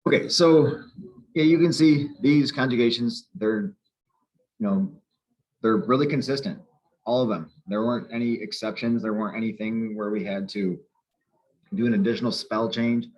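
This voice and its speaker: Low-voiced man patiently teaching a lesson. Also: moderate pace, darkish tone. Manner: patient, methodical, spells out letters. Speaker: Spanish teacher. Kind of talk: explaining a grammar lesson. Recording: slightly muffled lo-fi recording.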